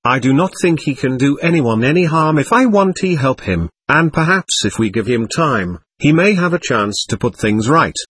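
A man reading the lines of a young woman, earnest and gently pleading. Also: mid-range voice, animated, moderate pace, few pauses, husky, no echo.

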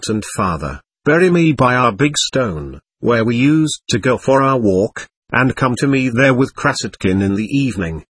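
Man voicing a frail dying boy, low soft pleading voice, husky, audiobook reading. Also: expressive, moderate pace, few pauses, no echo.

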